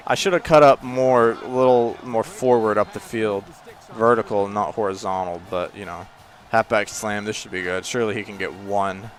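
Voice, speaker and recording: A man casually commenting on his own football video game play, rambling between plays and exclaiming loudly when something happens. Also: on the low side, fairly even intonation, normal speed. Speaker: gaming channel host.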